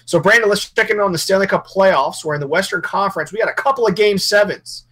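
A man's voice: sits high, quick pace, fairly bright tone. A man co-hosting a hockey podcast in casual, rambling chat, joking and correcting himself as he goes.

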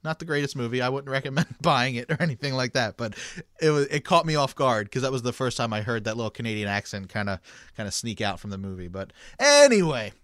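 A man co-hosts a casual sports podcast and chats easily, laughing often and restarting his sentences as he goes. His voice sits at an ordinary pitch. The recording is dry and close, with almost no room sound. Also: expressive, fast talker, a bit bright, dry recording. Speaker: podcast co-host.

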